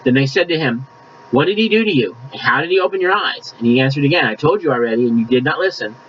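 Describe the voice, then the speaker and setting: A man's voice: medium pitch, lively intonation, fast, lo-fi sound, slight background noise. A man preaching a conversational sermon, reading scripture aloud and adding asides. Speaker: pastor.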